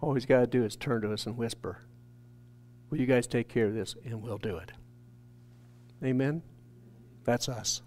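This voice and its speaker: A man's voice: medium pitch, normal speed, pauses often. A man from a church staff telling an earnest, emotional testimony in a sermon. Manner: earnest storytelling, rising to shouted quotes.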